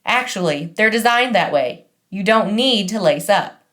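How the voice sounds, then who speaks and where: A woman's voice: mid-range voice, lively intonation, a little slow, fairly bright tone. A woman voicing a smug adult male shoe store manager in an audiobook. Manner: smug, smarmy. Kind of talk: audiobook character voice.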